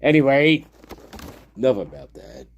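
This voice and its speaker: A man's voice: mid-range voice, sing-song, a little slow. A man hosting a casual true-crime commentary, rambling and swearing with sudden outbursts. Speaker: host of a true-crime discussion channel.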